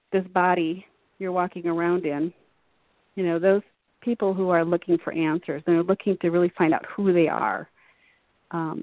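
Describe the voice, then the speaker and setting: A woman's voice: fairly low pitch, no room sound. A woman as an interview guest, talking in an earnest, reflective, rambling way. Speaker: guest artist. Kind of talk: casual interview chat. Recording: dry tinny phone line.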